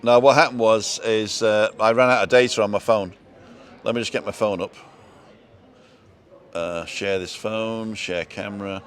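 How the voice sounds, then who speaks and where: Chatty man, low-pitched. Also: fairly even intonation. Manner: chatty, rambling, quick to laugh. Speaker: live show host. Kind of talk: casual live-stream chat.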